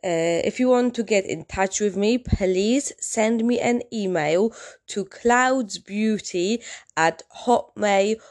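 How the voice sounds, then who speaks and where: A woman's voice: mid-range voice, takes it slowly, darkish tone. Woman chatting away on her podcast, rambly and wandering, normal middle voice. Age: adult, in a long-term relationship. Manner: rambling, chatty, self-interrupting. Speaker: podcast host. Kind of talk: casual solo podcast storytelling.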